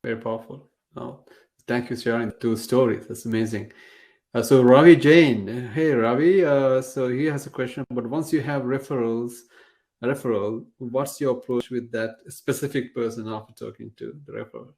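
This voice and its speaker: Male webinar host, mid-pitched, halting, lots of fillers. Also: fairly even intonation, a little mellow. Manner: hesitant, many fillers, reads out audience questions. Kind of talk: webinar moderation.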